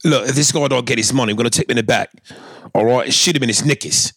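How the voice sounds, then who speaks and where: A man putting on a mock British gangster, gravelly. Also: medium pitch, quick pace, fairly bright tone, no room sound, clean studio sound. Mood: menacing mockery. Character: mock British tough-guy gangster, male.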